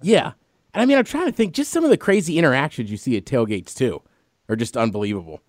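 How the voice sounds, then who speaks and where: A man's voice: medium pitch, big pitch swings, fast talker, no room sound, studio quality. A man in his thirties chatting casually as a podcast co-host, telling rambling stories and laughing often. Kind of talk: casual chat.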